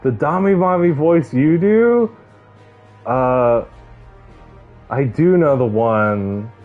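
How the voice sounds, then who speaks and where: A male streamer chatting casually during a game stream, animated and swearing freely. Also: medium pitch, slow. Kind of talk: casual gameplay stream chat. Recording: slightly muffled with game music.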